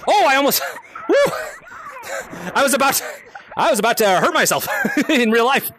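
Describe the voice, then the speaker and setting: A man hosting a virtual reality game lobby on a live stream, shouting callouts, repeating himself and laughing often as he plays at home. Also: extremely high pitch, expressive, moderate pace, noisy background. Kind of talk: excited live gameplay commentary. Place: at home playing in VR.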